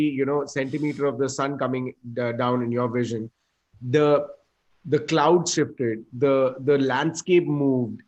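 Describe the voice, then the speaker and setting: Man, slightly higher voice, casual chat, quick animated storytelling. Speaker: comedian guest.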